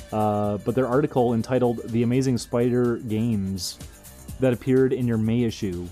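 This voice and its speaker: A man's voice: mid-range voice, warm tone. A young man streaming, rambling through casual commentary with frequent amused laughs.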